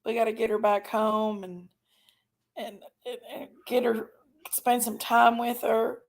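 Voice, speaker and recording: A woman's voice: on the high side, level tone, measured pace. A woman hosting a casual livestream, affectionately greeting viewers one by one by name and sometimes sounding tearful. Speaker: livestream host.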